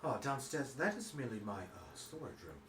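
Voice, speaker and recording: A man voicing a calm, evasive male baker who speaks in a low, hushed way. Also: a little fast, noisy background, lightly acted. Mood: smoothly evasive. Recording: echoey room, far from the mic.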